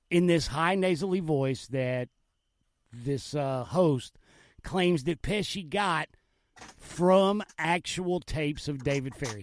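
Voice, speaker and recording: A man's voice: on the high side, no echo, clean studio sound. A man hosting a podcast, casual and joking as he introduces audio clips. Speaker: podcast host. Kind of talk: casual chat.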